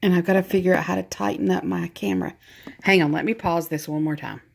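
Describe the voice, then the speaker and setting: A woman's voice: lowish voice, fairly even intonation, quick pace, gravelly. A woman with a Southern US accent chatting casually as she opens a craft gift package, gushing and laughing at herself. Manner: gushing, self-deprecating, chatty. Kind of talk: casual unboxing chat.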